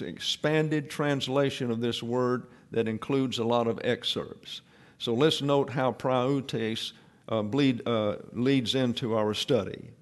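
A man giving an expository Bible lesson in a measured, explanatory way, with pauses and fillers. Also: medium pitch. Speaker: Bible teacher.

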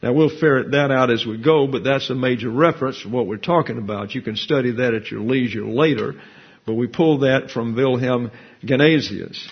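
A man's voice: medium pitch, normal speed, gravelly, breathy edge. A man giving an expository Bible lesson, methodically explaining Hebrew grammar terms and reading out scripture and quotations from grammar books. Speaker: Bible teacher. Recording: dull lo-fi recording.

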